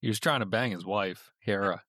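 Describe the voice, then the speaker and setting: A man's voice: on the low side, normal speed, fairly bright tone, no echo, studio quality. A man chatting on a podcast as a guest, telling a myth in a loose, rambling way with lots of fillers. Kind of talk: casual chat.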